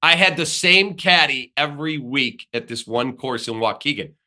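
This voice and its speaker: A man who is a podcast guest, telling animated sports stories and acting out the people he quotes, in a podcast studio. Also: mid-range voice, normal speed. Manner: lively storyteller who acts out the people he quotes.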